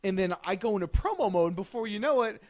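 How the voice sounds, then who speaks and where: A podcast co-host tells a story in a casual, animated way. His fairly high voice leaps all over the place as he acts out each moment, and he laughs easily. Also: quick pace.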